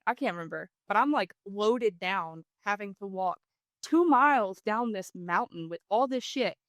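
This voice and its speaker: A woman, a podcast guest telling a hunting story in a casual, animated way. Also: mid-range voice, normal speed, dry recording.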